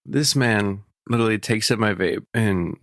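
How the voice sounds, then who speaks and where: A young man chats on a podcast, winding through his stories in a loose, rambling way full of "like". His voice sits a little low. The sound is dry and close, with no room echo. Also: moderate pace, a bit bright. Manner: chatty and rambling, lots of "like". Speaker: podcast co-host. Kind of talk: casual storytelling.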